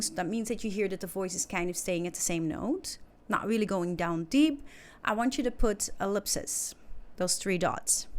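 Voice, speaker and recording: A woman teaches a recorded English lesson at a middle pitch. She talks clearly and patiently, going through each point one step at a time.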